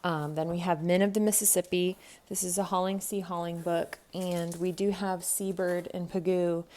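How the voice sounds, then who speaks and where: A woman's voice: on the low side, flat delivery, moderate pace, a little mellow. A woman in her thirties, a homeschool vlogger, chatting casually at home as she thinks aloud with frequent ums. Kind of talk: casual unboxing narration. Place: home, by a table with a tripod camera. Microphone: camera mic on a tripod.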